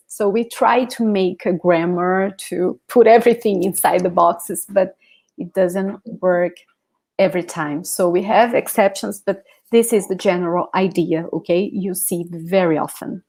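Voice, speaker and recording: A woman's voice: medium pitch, fairly even intonation, a little slow, dark tone. A Brazilian woman with an accent teaching a live online language class, patiently explaining and often checking in with "okay?". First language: Portuguese. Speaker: Portuguese teacher.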